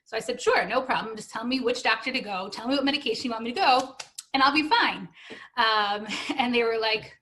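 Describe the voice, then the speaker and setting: A woman's voice: fairly high pitch, a little fast, pushed and bright. Earnest woman in her thirties. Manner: earnest, emotional, acts out quoted voices. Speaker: guest telling her story. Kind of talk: personal storytelling.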